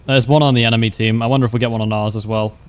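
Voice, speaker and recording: This young man livestreams a game and chats casually with viewers, answering their questions with dry humor and frequent laughter. He talks rapid-fire in a mid-range voice with fairly even intonation.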